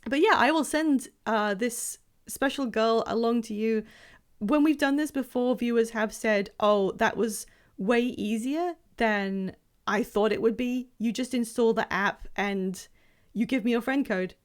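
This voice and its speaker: A woman's voice: a little high, a little slow. Chatty, playful woman streamer. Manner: chatty and playful, rambling with fillers and frequent laughs. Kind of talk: casual live-stream chat while gaming.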